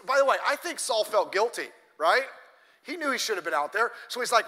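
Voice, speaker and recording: Male pastor, high bright voice, lively storytelling sermon, coughs now and then, long church reverb. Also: brisk. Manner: storytelling, acting out characters' lines; blunt, joking asides.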